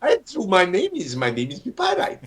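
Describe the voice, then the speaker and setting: A man voicing a jittery male court jester with a Puerto Rican accent, stammering over his own name in a high voice. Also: wildly swooping pitch, moderate pace, slightly rough, full character voice. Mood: nervous, playful. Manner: stammering, high and sing-song.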